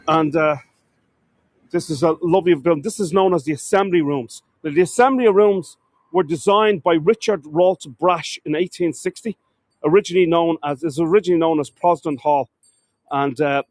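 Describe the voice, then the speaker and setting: A man's voice: on the high side, darkish tone, dry recording. An Irish man narrating a live walking tour of a city, chatting to viewers as "folks" and often stumbling over words and correcting himself. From Ireland. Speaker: tour guide. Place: outdoors on city streets, walking.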